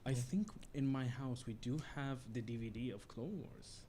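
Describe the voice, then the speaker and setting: A man's voice: mid-range voice, expressive, normal speed, background noise. A man chatting as a podcast guest in a casual group, joking and laughing.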